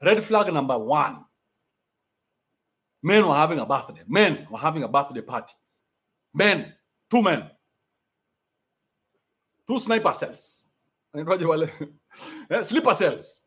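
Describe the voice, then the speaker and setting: A Kenyan man rants on his podcast in a high voice that bounces all over the place. He mocks freely, swears often and slides between street slang and English. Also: a little slow, long pauses. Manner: animated, mocking, swears freely, mixes Sheng with English. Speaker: podcast host. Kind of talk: ranting commentary.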